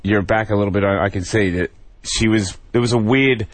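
A man as a radio guest, talking candidly in a rambling, halting way with many restarts. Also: on the low side, steady tone. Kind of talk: candid interview talk.

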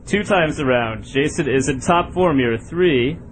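A young man calling a silly contest as a mock sports announcer, in a deadpan play-by-play that keeps breaking into laughs. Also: a little high, unhurried, a little hiss or hum, poor audio.

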